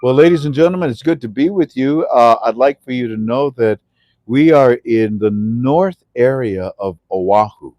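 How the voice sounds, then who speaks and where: Man, livestream host, jokey and chatty, middle pitch, dry close sound. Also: normal speed, dry recording. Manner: chatty, jokey, addresses listeners as ladies and gentlemen. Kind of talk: casual livestream talk with prayer. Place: on the west side of Oahu with friends.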